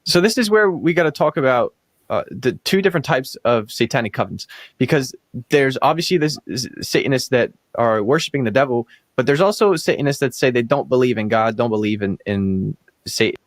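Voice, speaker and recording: A man's voice: mid-range voice, animated, a little fast, no echo. Man asking direct interview questions.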